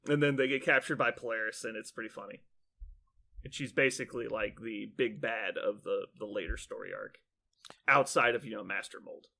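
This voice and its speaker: A man's voice: lowish voice, moderate pace, vocal fry. A man on a podcast, casually retelling a cartoon plot with lots of fillers, acting out the characters' lines and laughing as he goes. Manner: animated storyteller, acts out lines, laughs often, many fillers. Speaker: podcast host.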